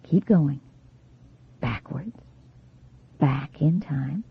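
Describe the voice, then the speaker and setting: A woman voicing a calm adult female therapist who hypnotizes a girl, talking in a soft, coaxing, steady way. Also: fairly low pitch, measured pace, slightly rough, dry recording, narrow, tinny audio. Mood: soothing. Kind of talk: audiobook character reading.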